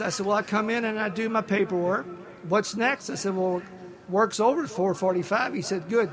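A man sharing his recovery story at a meeting, folksy and animated, quoting other people in character. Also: sits high, moderate pace. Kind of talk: storytelling share to an audience. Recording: live talk with crowd. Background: audience laughter.

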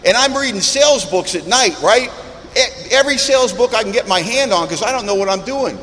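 High-voiced man telling his story in a hall. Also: a little fast. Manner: animated, self-mocking storyteller. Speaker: speaker at a recovery meeting. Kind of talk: personal storytelling talk. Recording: reverberant hall, faint background noise.

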